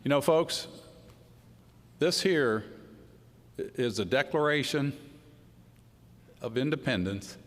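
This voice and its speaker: A man's voice: mid-range voice, lively intonation, slow, pauses often. Guy giving a folksy speech to a crowd, tells stories, big hall echo on his voice. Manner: folksy storytelling, acts out quoted exchanges. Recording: long hall reverb.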